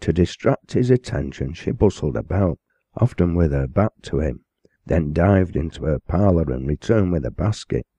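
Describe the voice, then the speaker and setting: A man reading a classic novel aloud in a steady, measured way. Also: low-pitched, no echo. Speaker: audiobook narrator.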